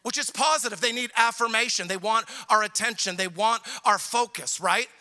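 A male pastor preaching in church with a strikingly high voice. His tone is very bright and sharp, and he delivers the sermon in an animated, humorous way, acting out little quotes to make his point. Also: moderate pace. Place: church service in front of a congregation.

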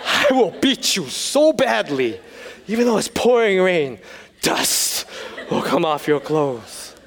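A man acting out a furious elderly man who yells threats while being held back in a fight. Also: high voice, very animated, slow pace, exaggerated voice. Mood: menacing. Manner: shouting, menacing.

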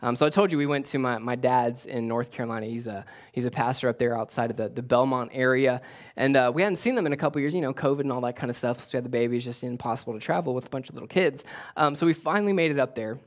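A man with a mid-range voice preaches a sermon from the pulpit as a pastor. He repeats his key lines for emphasis and restarts his sentences as he goes. On the points he presses hardest, his voice climbs higher and louder. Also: fast.

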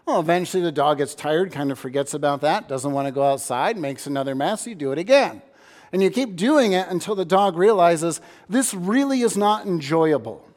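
A man's voice: a little high, fairly quick. Earnest male pastor, reverberant church. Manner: earnest, repeats words as he restarts, shifts loudness for emphasis. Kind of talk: sermon. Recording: long hall reverb.

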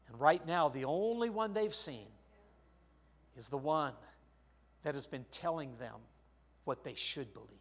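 An older male pastor preaching a sermon, telling a personal story with sharp shifts between quiet and loud. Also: on the high side, lively intonation, a little slow. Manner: storytelling, with big swings of loudness.

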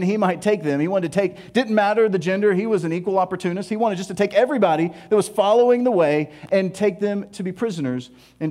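Animated high-voiced preacher man. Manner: animated, acts out scripture voices, drops to hushed tones. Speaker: pastor. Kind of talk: sermon.

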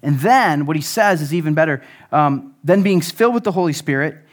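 High-voiced man preaching casually. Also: fairly quick. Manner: conversational, animated, acts out quotes. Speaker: pastor. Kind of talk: sermon.

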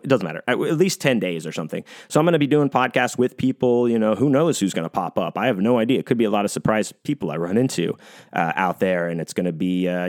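Rambling low-voiced podcast man. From United States. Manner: rambling, profane, many fillers and restarts. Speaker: podcast host. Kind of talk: casual solo podcast monologue.

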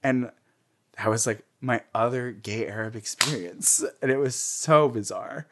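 A man's voice: mid-range voice, unhurried, background noise. A young man being interviewed, telling candid personal stories in a chatty way, with many fillers and frequent laughter.

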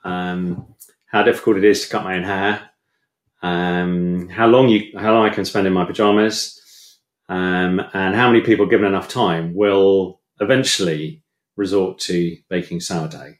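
A man giving a sermon in a relaxed, chatty way, hesitant with lots of ums and self-deprecating humour. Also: low-pitched, unhurried. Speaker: preacher. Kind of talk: casual talk in a church sermon. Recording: echoey room.

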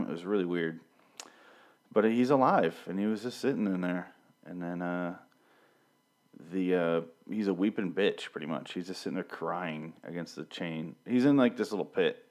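His deep, slightly mellow voice stays animated at a normal pace as he works through a solo TV-show review on his podcast. The man, in his thirties, uses a studio mic with a pop filter, and his casual commentary is rambling, irreverent, and full of profanity.

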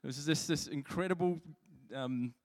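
Long hall reverb surrounds a man with a voice on the high side, speaking at a moderate pace as he preaches. This pastor's sermon is anecdotal and conversational, full of self-mockery and restarts.

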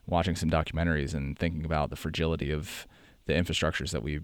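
Deep-voiced American man rambling casually. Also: level tone, quick pace, smooth, no echo. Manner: rambling, self-correcting, chatty. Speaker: podcast host. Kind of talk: casual monologue.

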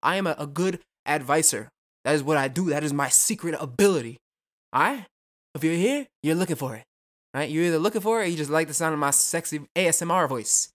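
A young man hosts a solo podcast, speaking fast and casually in a fairly high, slightly bright, animated voice. He swears a lot, rambles off on tangents, and tosses in jokey, self-mocking asides.

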